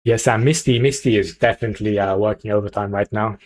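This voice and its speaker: A man's voice: on the low side, fairly even intonation, fast, darkish tone. A young man streaming live, chatting casually and hyping up his viewers as he picks a team. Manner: chatty, hyped, talks to chat. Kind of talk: casual livestream chat.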